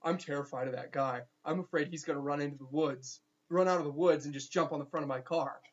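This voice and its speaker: A man's voice: a little high, quick pace, lightly acted. A man doing a frightened young male teacher. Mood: panicked. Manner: anxious, pleading. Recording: dull lo-fi recording.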